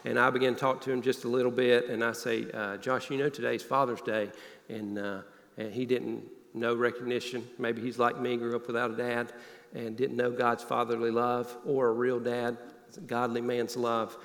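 A man preaching a sermon, telling a personal story in an earnest voice that often drops low and quiet. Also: flat delivery, moderate pace, creaky. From Northeast Alabama. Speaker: pastor. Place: church sanctuary. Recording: long hall reverb.

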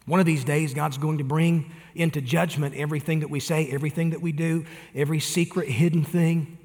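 A pastor delivers a sermon in a somewhat high male voice, pressing his points earnestly and turning straight to the congregation. His words ring out with a long reverb, as from a large hall. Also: fairly even intonation, fairly quick, a little mellow. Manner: earnest preaching with direct appeals to listeners.

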